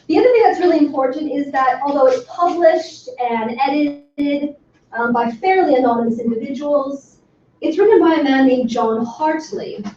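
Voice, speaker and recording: A woman giving an academic talk to a workshop audience, speaking with enthusiasm and emphasis and filling pauses with frequent ums. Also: high-pitched, warm tone. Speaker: lecturer. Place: lecture room. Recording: far from the mic in an echoey room, dull and slightly noisy.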